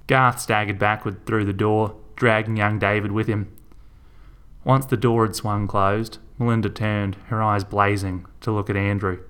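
A man narrating a story in a dry, steady manner. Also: lowish voice, moderate pace, smooth.

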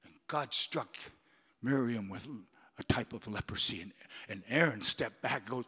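A male pastor preaching in a church sanctuary, animated and conversational, moving from loud declarations to near-whispers. His voice is bright and forceful, and a long reverb from the hall trails after each phrase. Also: mid-range voice, moderate pace, breathy edge. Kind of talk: sermon.

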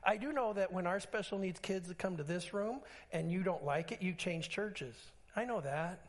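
A man pastor preaching a sermon, telling stories with acted-out dialogue and emphatic swings in pitch. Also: moderate pace. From Alaska.

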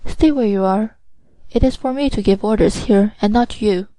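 A stern yet shaken magistrate, as a woman reads him out, murmurs low and quiet. The voice is mellow and warm, in a dry, close recording. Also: moderate pace, no room sound, natural voice, poor audio. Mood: curt. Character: pale anxious male magistrate, stern and shaken.

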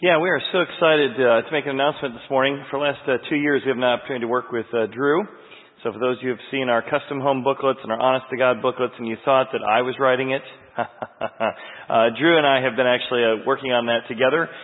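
Fast-talking man making a church announcement. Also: medium pitch, steady tone. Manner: quick, with fillers. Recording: tinny phone-like sound with long hall reverb.

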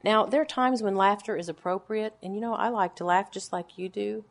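Addressing an audience of women, this Bible teacher in her forties delivers a sermon at a slightly quick pace. She hammers on emphatic, repeated words, then lets her voice fall to a hushed, low register.

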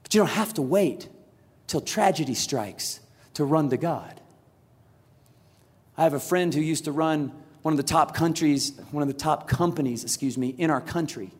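A man in his thirties preaching a sermon, telling a story with lively animation and acting out the quotes. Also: fairly high pitch, normal speed, slightly rough. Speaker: pastor. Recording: large hall with long reverb.

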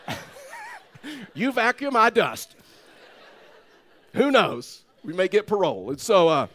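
A middle-aged man preaching, telling a personal story in an animated way and laughing as he goes. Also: high-pitched. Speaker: pastor. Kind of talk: sermon storytelling.

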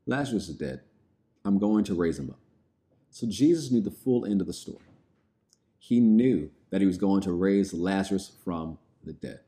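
A man's voice: low voice, mellow. A man preaching a sermon, reading scripture aloud and then explaining it in plain, everyday words.

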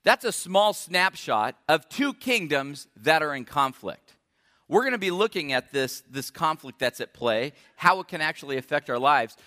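A man's voice: on the high side, big pitch swings, moderate pace, bright, forceful tone. A man preaching a sermon as a pastor in a church, friendly and asking his congregation questions. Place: church sanctuary. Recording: echoey church hall.

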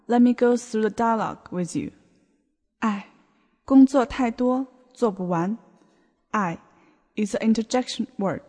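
A woman teaching a beginner language lesson on a podcast, explaining words in a slow, clear way. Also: medium pitch, mellow. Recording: long hall reverb.

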